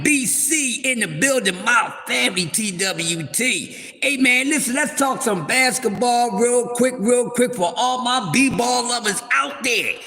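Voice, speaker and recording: A man hosting a casual sports talk livestream, rambling loudly with playful trash talk and shout-outs to his viewers. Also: extremely high pitch, big-room sound. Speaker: livestream host.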